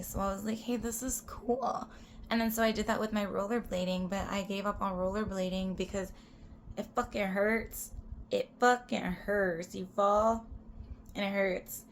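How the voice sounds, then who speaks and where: A woman's voice: mid-range voice, a little hiss or hum. A woman in her twenties from the US-Mexico border region, chatting casually to camera as a vlogger. She rambles and swears, and often drops into whispered asides.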